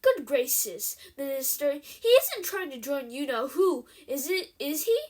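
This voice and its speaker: A woman's voice: sits high, big pitch swings, measured pace, darkish tone. A woman reading as an eager innkeeper. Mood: anxious. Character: curious female innkeeper, eager.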